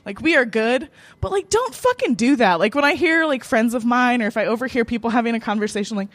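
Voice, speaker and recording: Talking fast in a voice on the high side, a young American woman hosts an open mic at a cafe and shares a personal story. She laughs constantly and curses freely, staying animated throughout, with no echo.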